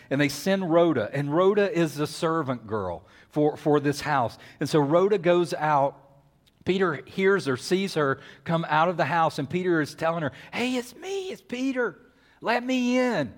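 Man, pastor, sermon, lively storytelling, slightly high voice. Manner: animated storytelling with acted-out voices and whisper-yelling.

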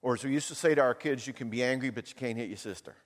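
A middle-aged man preaching a sermon, animated and jokey, acting out little voices. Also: medium pitch, rapid-fire. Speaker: pastor. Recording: long hall reverb.

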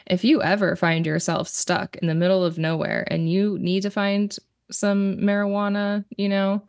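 A woman's voice: medium pitch, level tone, moderate pace, no room sound, clean studio sound. A woman guest on a casual film podcast, talking candidly, swearing freely and laughing often.

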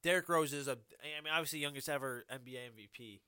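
Bright, clear-voiced man chatting sports. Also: medium pitch, fast talker, dry recording. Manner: animated, quotes people in voices, many fillers. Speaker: podcast co-host. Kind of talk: casual sports chat.

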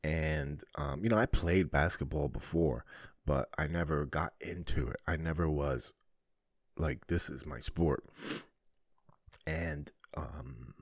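A man's voice: extremely low pitch, unhurried, no room sound, studio quality. A man in his forties from New Jersey, hosting a podcast and telling jokey, profane personal stories in a rambling way. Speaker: podcast host. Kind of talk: personal storytelling monologue.

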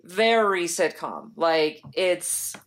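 A woman co-hosting a casual chat podcast, chatty and amused. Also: on the low side. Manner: chatty, amused, quick reactions. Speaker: podcast co-host.

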